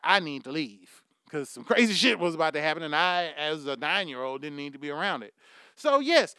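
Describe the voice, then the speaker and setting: A man's voice: high voice, bright, forceful tone, clean tone, dry recording, clean studio sound. A man hosting his own podcast, delivering a profane comic monologue and laughing at his own jokes. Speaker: podcast host.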